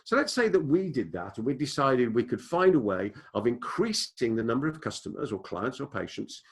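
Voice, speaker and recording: A man's voice: medium pitch, brisk, hardly any pauses. An older man giving a business lecture to an audience, telling stories and acting out the dialogue in them. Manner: storytelling, animated, acts out quoted dialogue. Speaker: business speaker.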